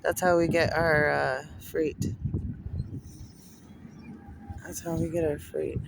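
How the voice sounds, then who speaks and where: A woman's voice: deep voice, level tone, a little slow, vocal fry, background noise. A woman giving a casual outdoor tour, chatty and admiring, cooing at her dog. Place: outdoors in a remote northern town. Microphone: handheld camera while riding an ATV.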